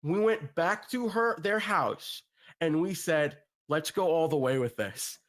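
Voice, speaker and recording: A young man telling an animated, profane prank story on a podcast, laughing as he goes. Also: fairly high pitch, a little slow. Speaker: podcast co-host. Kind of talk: casual storytelling.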